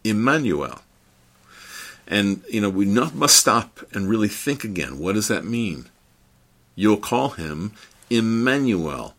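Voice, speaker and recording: Brief: male preacher, deep voice with a bright edge, earnest and halting, restarts his phrases. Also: sing-song. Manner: earnest, halting, repeats words as he builds points. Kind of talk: sermon.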